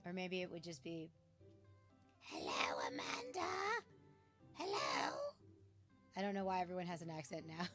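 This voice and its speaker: A woman's voice: on the low side, flat delivery, very fast, hardly any pauses, over music. A woman streaming a game, chatting casually, laughing often and reading the game text aloud.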